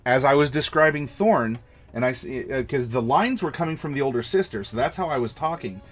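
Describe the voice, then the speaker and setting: A man's voice: mid-range voice, a little fast, soft background music. An American man, a game master and streamer, giving tabletop storytelling advice in an enthusiastic, demonstrative way. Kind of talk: livestream advice chat.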